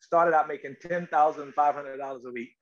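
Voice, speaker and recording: A man's voice: fairly high pitch, brisk, muffled recording. A middle-aged man from North Carolina telling stories in an interview, repeating words and acting out quotes. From North Carolina, USA. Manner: animated storyteller, repeats words, acts out quotes. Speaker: actor guest. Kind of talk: storytelling interview.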